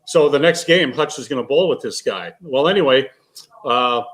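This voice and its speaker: A man's voice: mid-range voice, moderate pace, a bit bright, poor audio. Older male guest, storyteller type, loose and rambling, mid-range voice. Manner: rambling anecdotes with restarts and laughs. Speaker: guest, retired pro bowler. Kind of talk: casual storytelling.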